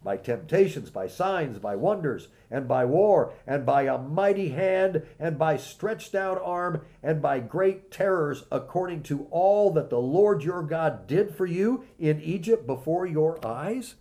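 A man preaching a sermon, reading scripture aloud and slowing down to stress key words, then explaining in a conversational way. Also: a little high, expressive, dark tone.

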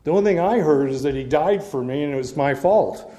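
Middle-aged man, Bible teacher, mellow voice, casual storytelling between scripture readings. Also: fairly high pitch, lively intonation, brisk. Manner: reads scripture aloud then explains it in a casual, storytelling way.

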